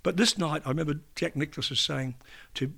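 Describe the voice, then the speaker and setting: A man's voice: fairly high pitch, a little fast, gravelly, pushed and bright, husky. An older man, a veteran broadcaster, telling rambling anecdotes in a casual interview, breaking into imitations of people he met. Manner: rambling, restarts sentences, mimics people in quotes.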